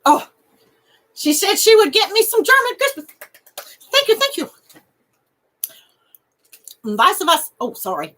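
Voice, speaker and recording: A woman's voice: very high-pitched, huge pitch swings, unhurried, pauses often, bright, forceful tone. A woman hosting a crochet channel, chatting casually with viewers and laughing and snorting often. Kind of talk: casual live chat reading viewer comments.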